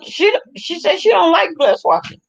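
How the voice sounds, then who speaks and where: A woman's voice: extremely high pitch, very animated, normal speed, vocal fry, highs cut off. A woman hosting a casual chat, laughing often and reacting to what she is listening to. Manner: laughing, gossipy reactions to a livestream. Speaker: host.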